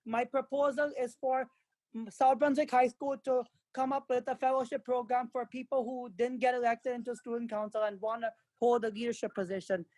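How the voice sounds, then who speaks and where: A man's voice: very high-pitched, level tone, a little fast, darkish tone, no echo, poor audio. A young man, a college student, giving a hesitant but earnest public comment at a board meeting. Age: young adult.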